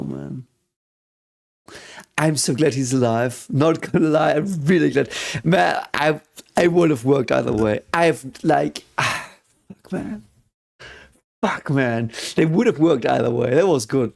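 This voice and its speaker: Gravelly-voiced man reacting excitedly. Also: medium pitch. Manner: excitable, swears often, thinks aloud. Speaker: reaction video host. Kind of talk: casual reaction commentary.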